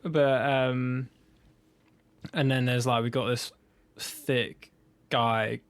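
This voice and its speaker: A man's voice: mid-range voice, fairly even intonation, drawn-out words, clear, resonant tone, no room sound. A young man with a southern English accent, chatting casually on a podcast, rambling and swearing with self-mocking humor. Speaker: podcast co-host. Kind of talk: relaxed casual chat.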